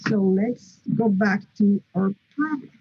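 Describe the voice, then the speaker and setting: A woman's voice: mid-range voice, measured pace, husky, dull audio. A woman teaching English grammar in an online lesson, explaining step by step with frequent "mm-hmm" and "okay" checks.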